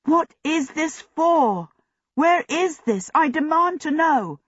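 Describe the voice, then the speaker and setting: Narrator doing a high, panting young prisoner. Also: expressive, slow pace, fairly bright tone, dry recording, heavily acted. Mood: panicked protest. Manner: high, protesting, out of breath. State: out of breath. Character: panicked young man, bewildered prisoner. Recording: dull lo-fi audio.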